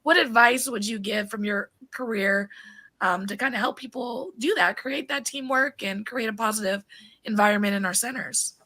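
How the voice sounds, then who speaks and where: A woman hosting a podcast interview, chatty and quick to laugh, with plenty of fillers. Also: on the high side, sharp tone. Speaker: podcast host. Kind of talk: casual interview chat.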